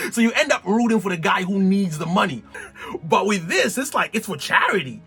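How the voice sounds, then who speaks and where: A man giving an excited, slangy recap of a TV show, laughing and exclaiming often. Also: high voice, moderate pace, gravelly, soft background music. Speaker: TV recap vlogger.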